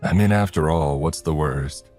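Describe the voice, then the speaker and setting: A man's voice: extremely low pitch, normal speed, darkish tone, faint music behind. A man voicing a sarcastic young friend who cracks jokes. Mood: joking. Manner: wisecracking, sarcastic.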